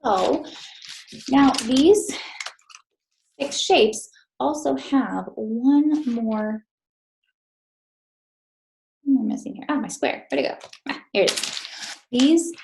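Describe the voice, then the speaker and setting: A woman's voice: fairly high pitch, expressive, slow pace, creaky, long pauses, background noise. A woman teacher giving a recorded math lesson to third graders, patient and encouraging, speaking straight to her students.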